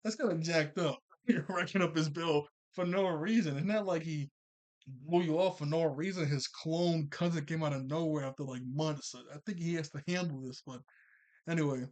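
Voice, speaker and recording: A man's voice: a little high, normal speed, a little mellow. Chatty man rambling through an episode recap. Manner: rambling and chatty, full of filler "like"s and self-corrections. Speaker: cartoon episode reviewer.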